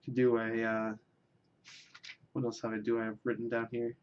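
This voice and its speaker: A man's voice: mid-range voice, completely flat delivery, moderate pace, highs cut off. A man delivering a rambling, self-deprecating comic monologue, with lots of filler words and restarts. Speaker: vlogger.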